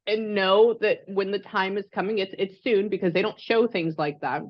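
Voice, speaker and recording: A woman's voice: medium pitch, normal speed, dry recording, highs cut off. Chatty woman medium on a call. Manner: chatty, excitable, rambling with fillers. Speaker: psychic medium. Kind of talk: casual reading session over a call.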